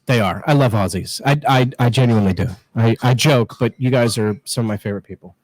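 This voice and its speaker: A man in his thirties with a mid-pitched voice chats as a guest on a live stream over a video call. He jokes, teases himself and laughs often. The sound is dry and close. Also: quick pace, no room sound, poor audio. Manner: joking, self-mocking, laughs often. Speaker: guest, political scientist and show host. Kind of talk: casual live-stream chat.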